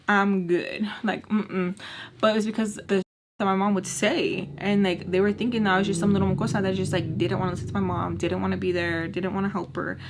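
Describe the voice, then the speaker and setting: A young woman chatting casually through a storytime while doing her makeup, animated and swearing, with sudden high-pitched exclamations. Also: a little fast, background noise. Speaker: vlogger.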